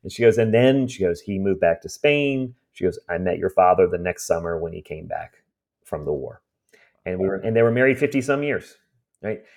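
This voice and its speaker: A man's voice: sits low, moderate pace, vocal fry. A man who runs home cleanouts, telling stories in a conversation and acting out the people in them. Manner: animated storyteller, acts out voices. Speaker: estate cleanout business owner. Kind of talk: storytelling in a conversation.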